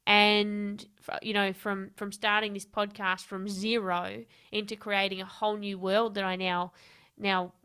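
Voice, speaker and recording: A woman's voice: mid-range voice, unhurried, clear, resonant tone. A woman, a podcast guest and coach, telling candid stories in a casual interview and swearing freely. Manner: lively, candid storyteller who swears freely and laughs often.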